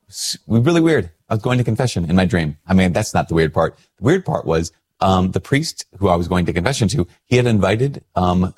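A man's voice: sits low, a little mellow, husky. A male priest in a casual, reflective talk to camera, chatty and self-deprecating as he tells a story.

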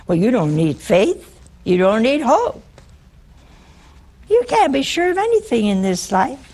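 A woman's voice: fairly high pitch, sing-song, a little slow, darkish tone. A woman preacher giving a sermon to a live audience, humorous, teasing and conversational.

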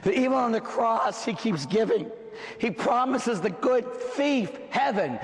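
A man preaching an impassioned sermon, often shouting, with dramatic pauses. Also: very high-pitched, lively intonation, big-room sound.

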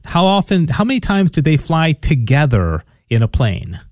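A man's voice: on the high side, sing-song, moderate pace, darkish tone, dry recording. A man co-hosting a radio pledge drive, earnestly asking listeners to donate, often repeating and restarting his words. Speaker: radio fundraiser co-host.

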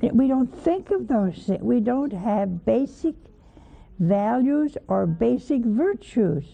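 A woman preaches in a folksy, gently questioning way, often tossing questions to her listeners. Her voice is gravelly and she talks unhurriedly. It sounds thin and tinny, like an old phone-line recording. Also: on the high side, big pitch swings, slow. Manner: folksy, questioning, chuckling asides. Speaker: religious teacher. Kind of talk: informal sermon.

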